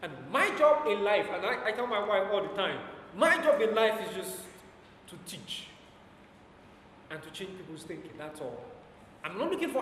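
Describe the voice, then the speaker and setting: A man preaching a sermon, driving his points home and slowing down to dwell on scripture, with his volume rising and falling. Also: extremely high pitch, a bit bright, a little hiss or hum. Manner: emphatic, slows down for scripture quotes, volume rises and falls. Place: church hall with long reverb. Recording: echoey church hall from far off.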